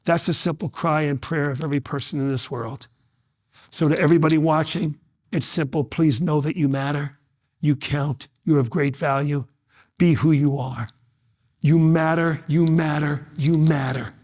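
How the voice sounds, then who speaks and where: A man's voice: a little high, fairly even intonation, normal speed, a little mellow. Fervent middle-aged male motivational speaker. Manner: storytelling, acts out quoted voices, emphatic repetition. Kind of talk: motivational keynote talk.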